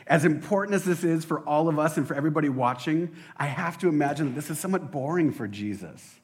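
A man preaching a casual sermon as a pastor, excitable and rambling, often laughing at himself. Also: a little high, normal speed. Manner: excitable, rambling, self-deprecating.

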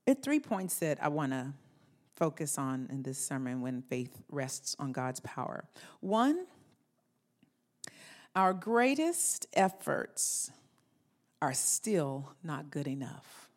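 A woman pastor preaching a sermon, lively, acting out inner voices and leading the congregation in call-and-response. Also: deep voice, slow, pauses often.

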